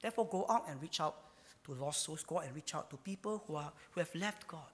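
Male pastor, emphatic sermon delivery, voice a touch high, hall echo. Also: fast talker. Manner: emphatic preaching, with sudden swings between loud and hushed. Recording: hall reverb.

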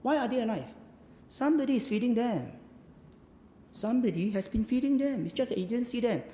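A preacher, delivering a sermon with emphatic rhetorical questions and sudden drops to a hushed voice. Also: medium pitch, expressive, fairly quick, slight background noise. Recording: echoey hall with long reverb.

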